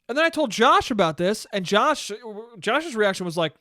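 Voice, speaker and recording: A young man telling a rambling, profane story alone on his podcast, bursting into loud outbursts. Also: extremely high pitch, lively intonation, a little fast, hardly any pauses, dry recording, clean studio sound. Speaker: podcast host. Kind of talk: solo podcast monologue.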